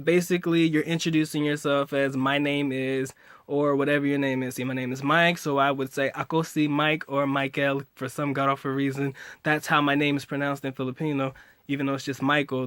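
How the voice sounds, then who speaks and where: A man's voice: mid-range voice, little pitch movement, fairly quick, a bit bright, smooth, dry recording, clean studio sound. A man in his late twenties casually teaching simple phrases in a home video, joking and laughing easily with slangy talk. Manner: laid-back, joking, slangy, laughs often.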